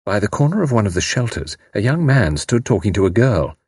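Husky guy reading a novel aloud, lots of up and down in his voice, dry close sound. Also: on the low side, sing-song, a little fast, darkish tone, dry recording. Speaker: audiobook narrator. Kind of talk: scripted narration.

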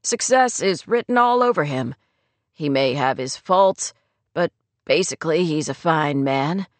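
An earnest young man in love, quietly troubled, his voice dropped low and a touch husky, as a woman reads him in a storybook. He speaks in a subdued, even way, and the recording is dry and close. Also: a little slow, no room sound. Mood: tender.

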